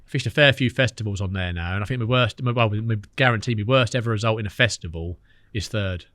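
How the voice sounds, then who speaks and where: A man, a podcast guest telling lively stories in casual chat, acting out what others said. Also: lowish voice, no echo, studio quality. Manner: fast, animated storytelling with quoted dialogue.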